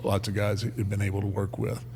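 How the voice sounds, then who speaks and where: A man co-hosting a podcast in casual chat, with a slow, drawling delivery. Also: lowish voice, completely flat delivery, dark tone, a little hiss or hum. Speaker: podcast co-host.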